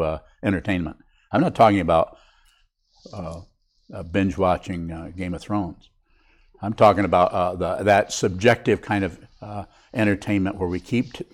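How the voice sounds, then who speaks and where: Low-voiced older man giving a dharma talk. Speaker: Buddhist teacher. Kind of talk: dharma talk to a meditation group.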